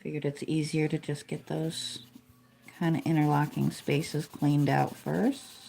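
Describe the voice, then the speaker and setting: A woman's voice: deep voice, measured pace, vocal fry. A woman chatting casually and poking fun at herself as she narrates her coloring. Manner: relaxed, chatty, self-deprecating. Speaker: coloring video creator.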